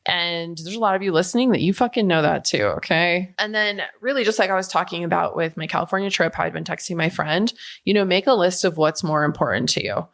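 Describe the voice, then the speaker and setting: A woman's voice: fairly low pitch, fast talker, fairly bright tone. A woman hosting a personal podcast, talking frankly and emotionally to her listeners, cursing casually and addressing them directly. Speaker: podcast host. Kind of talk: candid personal podcast talk.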